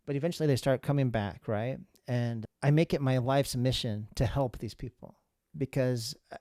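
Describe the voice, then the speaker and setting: A man's voice: medium pitch, mellow, no room sound, clean studio sound. A middle-aged man from the United States, a guest telling a personal story in an earnest way, often repeating words for emphasis.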